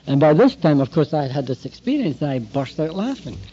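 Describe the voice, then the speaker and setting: A man giving a talk to therapists, telling anecdotes in an animated way and acting out bits of dialogue. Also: on the high side, brisk, slight background noise. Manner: animated anecdotal storytelling, acts out quoted dialogue. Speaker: speaker addressing therapists. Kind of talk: storytelling lecture. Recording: dull lo-fi recording.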